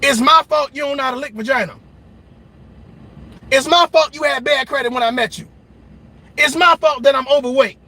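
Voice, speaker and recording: A man hosting a reaction channel, delivering a loud, emphatic and mocking rant that keeps repeating itself. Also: very high-pitched, normal speed, pauses often.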